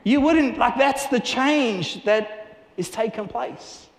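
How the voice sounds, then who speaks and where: A man preaching a sermon, telling Bible stories with lively acted-out dialogue. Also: extremely high pitch, takes it slowly. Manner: animated storytelling with acted-out dialogue. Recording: echoey hall with long reverb.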